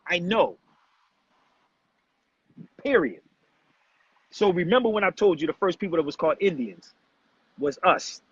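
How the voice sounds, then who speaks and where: Male streamer, high pitch, confrontational and preachy, dull lo-fi sound. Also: expressive, unhurried, pauses often, breathy edge, no room sound. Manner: preachy, confrontational, addresses chat as family. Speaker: livestream host. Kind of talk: casual livestream talk to viewers. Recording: dull, muffled lo-fi livestream audio.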